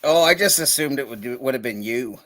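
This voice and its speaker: Man, co-hosting a casual live-stream chat. Rambling delivery, full of "like" and "uh", quick to chuckle. Lively, up-and-down pitch, mid-low voice, heard over a video call. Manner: rambling, chuckles often, lots of filler words.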